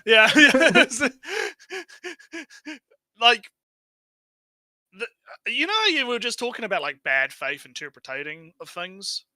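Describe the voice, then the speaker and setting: Man, casual stream talk, very bright voice, dry close sound, keeps asking "right?". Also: very high-pitched, animated, slow, long pauses, dry recording, poor audio. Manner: rambling, tags lines with "right?"; repeats words when starting phrases. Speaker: stream co-host. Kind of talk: casual chat.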